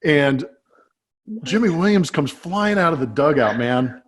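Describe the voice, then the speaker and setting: A former ball player co-hosting a casual chat show over a webcam call, telling stories in an animated way with frequent laughs. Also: male voice, fairly high pitch, a little slow. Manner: animated storyteller who laughs as he talks. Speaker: podcast co-host, former baseball player. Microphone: webcam setup.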